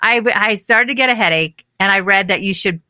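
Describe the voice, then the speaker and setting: A woman's voice: medium pitch, brisk, sharp tone, no echo, studio quality. A woman hosting an interview, upbeat and agreeable, laughing easily while she asks questions. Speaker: host. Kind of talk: interview chat.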